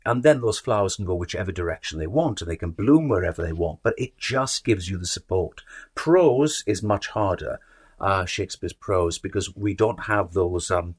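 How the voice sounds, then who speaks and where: Low husky man, interview guest, thoughtful, repeats words as he thinks. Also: lively intonation, normal speed. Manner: thoughtful, restarts and repeats words while reaching for ideas. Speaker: actor and author, guest. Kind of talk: conversational interview.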